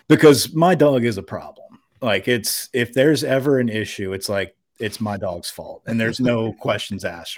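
A man's voice: on the low side, no echo, clean studio sound. A young man casually telling a long, rambling anecdote on a podcast, swearing freely and acting out what everyone said. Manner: rambling, animated anecdote with profanity and quoted voices. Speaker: podcast co-host. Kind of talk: casual storytelling.

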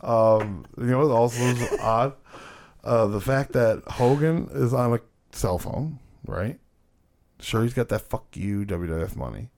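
A man co-hosting a podcast in casual, profane chat, laughing often and swinging between loud bursts and muttered asides. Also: mid-range voice, unhurried. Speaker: podcast co-host.

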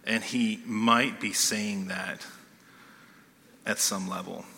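A man preaching a sermon in a casual, animated way, often checking in with "okay?", in a church hall. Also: lowish voice, slow, creaky. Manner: conversational, animated, keeps asking "okay?". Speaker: pastor.

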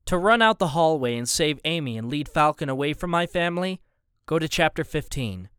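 A man reads a tense first-person story in a smooth, slightly high voice. His delivery is measured and steady, and the recording is dry and close with no room sound. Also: no room sound. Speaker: audiobook narrator.

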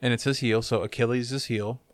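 A man's voice: medium pitch, fairly even intonation, normal speed, dry recording. A young man hosting a podcast, talking in a laid-back, rambling, teasing way. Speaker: podcast host. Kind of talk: casual chat.

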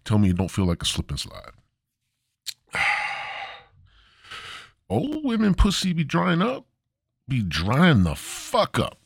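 A man's voice: medium pitch, huge pitch swings, takes it slowly, creaky, long pauses, slightly rough, no room sound, clean studio sound. Profane rambling man with a swooping voice. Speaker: podcast host. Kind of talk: crude stand-up style rant.

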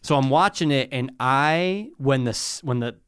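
A man's voice: medium pitch, normal speed, a bit bright, clean tone, no echo, clean studio sound. A man in casual podcast chat, enthusiastic and profane, talking in long run-on stretches.

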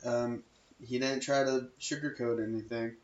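A man's voice: medium pitch, fairly even intonation, normal speed, darkish tone. A man co-hosting a casual podcast, talking in an earnest, easygoing way. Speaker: podcast co-host. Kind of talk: casual chat. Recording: echoey room, lo-fi sound.

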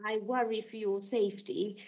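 A woman's voice: medium pitch, steady tone, moderate pace, rough recording. Effusive, gushing woman interviewer. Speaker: mock interviewer. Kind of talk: comedic mock interview.

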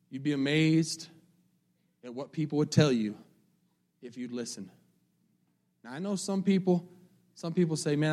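A male pastor preaching a sermon, mixing casual asides to the congregation with slow, rising emphasis on scripture. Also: medium pitch, darkish tone.

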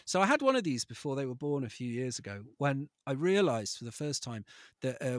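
A man's voice: mid-range voice, brisk, no echo, studio quality. A man in his thirties, a comedian telling funny stories and acting out voices. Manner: animated, acts out voices and quotes. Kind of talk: comic storytelling.

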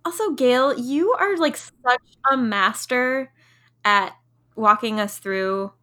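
Woman podcast co-host, slow pace, bright tone, halting and full of fillers. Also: a little high. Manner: warm praise, halting with fillers.

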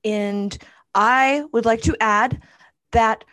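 A woman on a casual comedic advice panel, speaking in a measured, mock-formal way. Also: on the high side, fairly even intonation, fairly bright tone, dry recording.

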